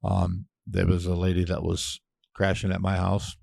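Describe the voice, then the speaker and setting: Man, deep gravelly voice, profane blunt rant, dry close recording. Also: monotone, moderate pace, no room sound. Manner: profane, blunt, with sudden loud outbursts. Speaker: podcast host. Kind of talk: casual ranting monologue.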